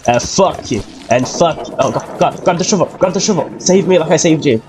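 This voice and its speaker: A young man in loud, crude gaming banter whose voice swings widely in pitch. He jokes and yells at friends over a headset as he plays. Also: a little fast, music in the background. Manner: loud, crude, animated joking. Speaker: gamer.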